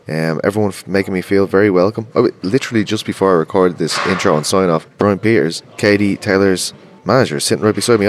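An Irish man hosting a podcast, chatting casually and swearing freely with quick banter. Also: low voice, a little hiss or hum. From Ireland. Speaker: podcast host. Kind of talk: casual chat.

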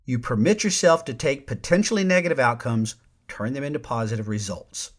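A man's voice: medium pitch, brisk. A man hosting a podcast, delivering an emphatic monologue and shifting his tone for effect. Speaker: podcast host.

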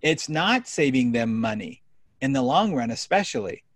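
A man hosting a business podcast interview, talking in an energetic, animated way and telling stories. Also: mid-range voice, moderate pace, dry recording. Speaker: podcast host.

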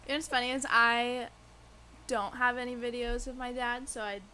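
A woman's voice: fairly high pitch, fairly even intonation, moderate pace, bright, forceful tone, a little hiss or hum. A woman co-hosting a podcast, chatting reflectively and laughing now and then. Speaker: podcast co-host. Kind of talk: casual chat.

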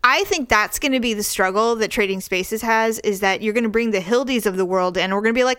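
A woman co-hosting a casual chat about a TV show, animated and outspoken, swearing and acting out quotes. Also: mid-range voice, fast talker, hardly any pauses, clean tone, no echo.

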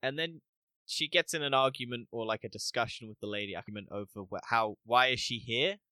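A man co-hosting a casual podcast review, animated, acting out scenes and laughing often. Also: mid-range voice, brisk, clean tone, dry recording. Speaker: podcast co-host. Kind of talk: casual spoiler review chat.

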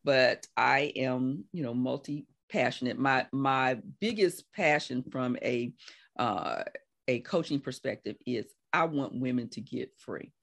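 Woman, 60s, life coach guest, chatty storyteller who bursts high when quoting. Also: a little slow, creaky. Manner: animated storyteller, acts out quotes with big laughing pitch jumps. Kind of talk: conversational interview.

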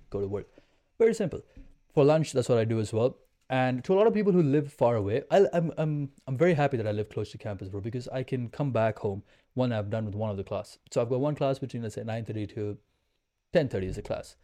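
A man's voice: mid-range voice, warm tone. A man in his twenties, a podcast guest, talking in an intense, emphatic, slangy way. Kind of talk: casual chat.

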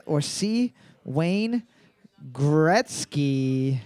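A man hosting live trivia, reading each question twice in a slow, drawn-out way and joking between questions. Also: sits high, lively intonation, clear, resonant tone, no echo. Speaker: trivia host.

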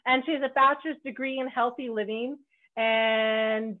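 Upbeat woman podcast host from Canada, fairly high voice, loose and joking, cheerfully profane, tinny narrow line. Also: steady tone, normal speed. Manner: bubbly, joking, swears freely. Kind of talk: casual podcast chat. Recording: phone-like narrow band.

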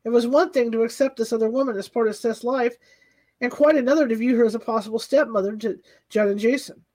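A woman reading a novel aloud as an audiobook narrator, steady and even. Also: on the high side, fast, rough recording. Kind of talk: scripted narration.

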